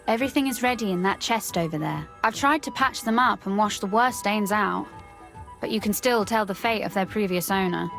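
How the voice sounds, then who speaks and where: A woman's voice: medium pitch, a little fast, creaky, fairly bright tone, soft background music. An actress playing a young woman with dry, teasing wit, seeing off a friend. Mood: wry. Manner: dry, teasing, then tender. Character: wry young woman saying a fond farewell. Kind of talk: video game dialogue.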